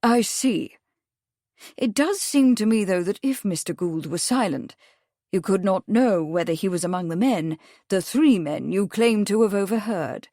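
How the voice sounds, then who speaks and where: A woman's voice: mid-range voice, expressive, a little slow, warm tone, dry recording, studio quality. A woman voicing a polite, probing male barrister questioning a witness in an audiobook. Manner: courteous, mild, precise questioning.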